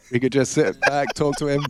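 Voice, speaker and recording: A man's voice: mid-range voice, fairly bright tone. A man commentating a competitive shooter match, reading the play and bantering jokily with his partner. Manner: quick, chatty, jokey. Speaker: esports commentator. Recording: noisy game audio behind. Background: gunfire and game sounds.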